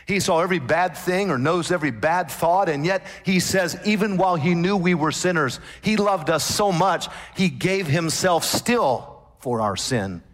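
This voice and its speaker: A man preaching a sermon, emphatic, slowing down to stress scripture quotations. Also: a little high, animated. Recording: long hall reverb.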